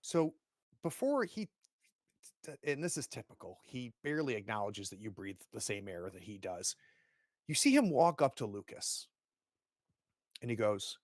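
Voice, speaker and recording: Man game master, slow and unhurried narration, dry close sound. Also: medium pitch, big pitch swings, no room sound. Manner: unhurried, descriptive, acts out gestures. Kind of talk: narrating a tabletop horror game.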